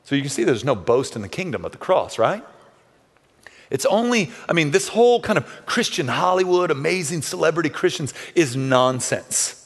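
A man's voice: on the high side, big pitch swings, moderate pace. A male pastor preaching a sermon in a loose, conversational way, full of rhetorical questions and asides. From Texas. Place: large church hall. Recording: long hall reverb.

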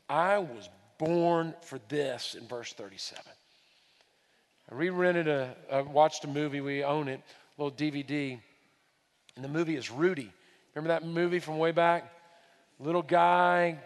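A male pastor preaching a sermon with a high-pitched voice that carries a long reverb through a large church hall. He hammers home repeated phrases, dropping to a hush and then rising loud again. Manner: emphatic preaching, repeats key phrases, swings from hushed to loud.

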